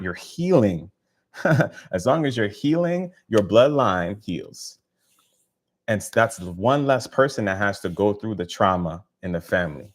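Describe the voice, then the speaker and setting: A man hosting a casual live stream, talking in a laid-back, slangy, encouraging way and laughing often. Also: sits low. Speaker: live stream host, spiritual healer.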